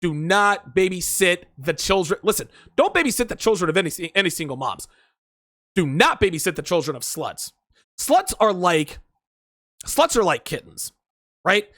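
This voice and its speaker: A man delivering a crude, profane dating advice monologue on his own stream. His voice sits high and swings widely in pitch as he rambles and hammers points through repetition. The sound is dry and close, with no room around it. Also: sing-song, normal speed, a bit bright, dry recording. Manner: emphatic, repeats himself. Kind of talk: solo livestream monologue.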